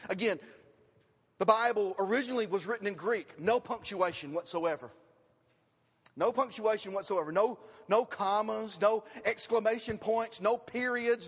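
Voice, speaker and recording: A man's voice: sits high, husky. A man preaching a sermon and teaching his congregation, with questions and emphatic repetition. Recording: long reverb of a hall.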